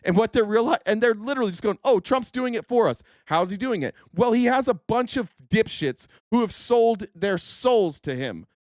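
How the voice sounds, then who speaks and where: A man's voice: sits high, animated, normal speed, hardly any pauses, darkish tone, no echo, studio quality. A man hosting a political livestream, ranting in a heated, profane way and repeating himself. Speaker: political show host. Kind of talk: angry livestream rant.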